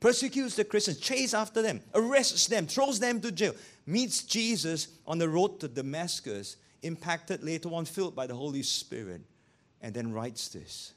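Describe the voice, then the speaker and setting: A male pastor who preaches in an animated way, asking rhetorical questions and acting out quotes. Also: a little high, moderate pace. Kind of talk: sermon.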